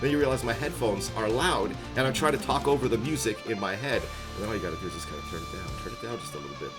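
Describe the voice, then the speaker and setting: A man's voice: on the low side, very fast. A man chatting casually on a live game stream, upbeat and rambling, laughing often. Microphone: headset. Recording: background music playing loudly. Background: music.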